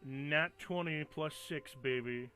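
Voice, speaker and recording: A man's voice: a little high, takes it slowly, sharp tone. A man taking part as a player in a tabletop game, switching between plain talk and a formal character voice. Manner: puts on a formal in-character way of speaking.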